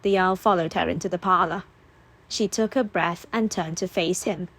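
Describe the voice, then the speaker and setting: A woman reading a novel aloud as an audiobook narrator, steady and expressive. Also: on the low side, normal speed.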